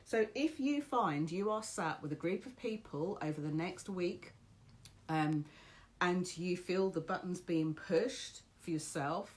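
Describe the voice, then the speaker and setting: A woman's voice: lowish voice, slow, darkish tone. A woman giving a casual motivational talk, telling a story and encouraging her viewers. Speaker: motivational speaker.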